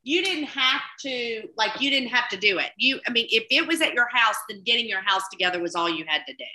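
A woman cookbook author in casual chat, excitable and exclamatory, tripping over her words. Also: fairly high pitch, brisk. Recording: echoey room.

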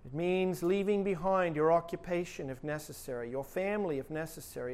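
A man's voice: fairly high pitch, a little fast, few pauses, a little mellow, clean tone. A male pastor preaching a sermon with emphatic delivery and rhetorical questions.

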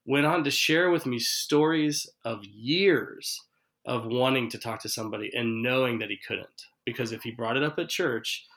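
A man's voice: mid-range voice, normal speed, fairly bright tone, rough recording. Earnest man hosting a faith podcast. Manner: earnest, reflective, retells stories with quoted dialogue. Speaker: podcast host. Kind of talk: casual conversational interview.

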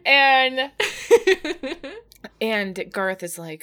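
A woman's voice: mid-range voice, expressive, slow pace, sharp tone. Woman cohost laughing thru a recap, does little voices for the lines. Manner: laughs often, acts out quoted lines. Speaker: podcast co-host. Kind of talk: casual recap chat.

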